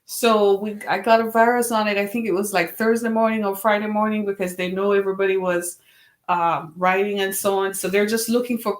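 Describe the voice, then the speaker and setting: A woman's voice: mid-range voice, fairly even intonation, fairly quick, reverberant. A woman hosting her web series, talking casually to camera, tired and a little wheezy from lack of sleep, with a chatty, exasperated, rambling manner.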